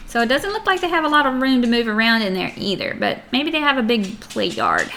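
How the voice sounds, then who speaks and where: A woman's voice: a little high, very animated, fairly quick, sharp tone, slight background noise. An American woman teacher reading a geography lesson aloud to children in a chatty way, often asking them questions.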